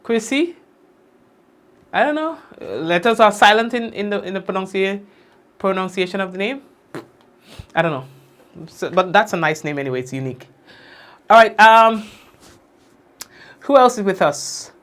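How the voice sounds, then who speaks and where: A young man hosting a casual livestream, giving warm shout-outs to commenters by name and drawn-out blessings. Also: high-pitched, expressive. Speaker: livestream news host. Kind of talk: casual livestream chat greeting viewers.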